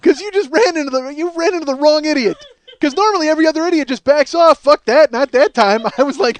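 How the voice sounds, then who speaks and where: A man's voice: extremely high pitch, quick pace, slight background noise. A man in his forties, a podcast host, telling a rambling, profane comic story and laughing at himself. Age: 40s. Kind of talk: comedic storytelling monologue.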